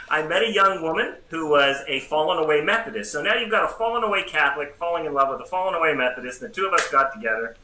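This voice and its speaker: A middle-aged American man, a priest and psychology professor, tells his story as an interview guest with lively, self-deprecating humor. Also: on the high side, fast. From United States. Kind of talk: personal testimony in a casual interview. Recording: roomy echo with faint background noise.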